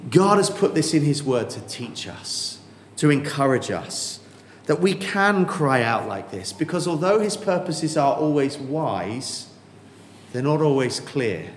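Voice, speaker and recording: A man preaching a sermon, earnest and emphatic, slowing down with dramatic pauses on key words. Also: fairly high pitch, very animated, slight background noise. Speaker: pastor. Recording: echoey hall with faint ambience.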